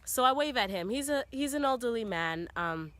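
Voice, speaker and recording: A woman's voice: a little high, moderate pace, no echo. A young woman tells a story outdoors in a forest, recorded on a camera on a tripod. She talks casually and fills her sentences with "you know" and "like", and her voice rises as the story builds. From Canada. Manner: chatty, heavy on "you know" and "like"; animated, voice rising as the story builds. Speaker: vlogger telling a story.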